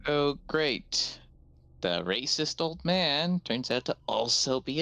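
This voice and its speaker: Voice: mid-range voice, expressive, slow pace, creaky, sharp tone, no room sound. A player in a tabletop fantasy game speaking in character, wry and sarcastic.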